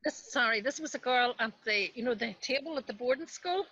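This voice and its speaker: Woman, coaching participant, hesitant, halting speech, video call. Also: fairly high pitch, sharp tone, dull audio, a little hiss or hum. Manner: hesitant, halting, searching for words. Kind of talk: live online coaching session.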